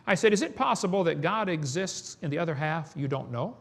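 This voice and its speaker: A man's voice: on the high side, expressive, fairly quick, creaky, a bit bright. A man giving a preaching lecture to an audience in a folksy, emphatic way. He chuckles between points and often asks "okay?". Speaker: creationist speaker.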